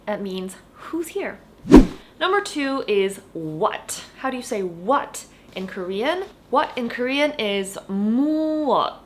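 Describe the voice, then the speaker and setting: A woman giving a casual online Korean lesson, chatting in English and saying each Korean example slowly and clearly, then repeating it. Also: fairly high pitch, very animated, background noise. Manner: chatty, explains with "like" and "you know". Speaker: Korean language teacher.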